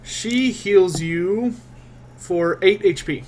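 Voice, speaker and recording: A man narrating a tabletop game as game master, quick and descriptive, with frequent fillers. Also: sits high, a little hiss or hum.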